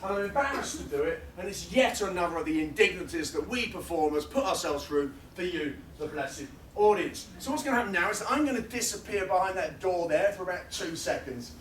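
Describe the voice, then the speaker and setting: A man performing comic spoken-word poetry live at a festival, rhythmic and building into rapid-fire lists. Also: high-pitched, animated, fairly bright tone, slight background noise. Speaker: performance poet. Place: fringe festival venue, live audience. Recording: roomy sound from a distant mic.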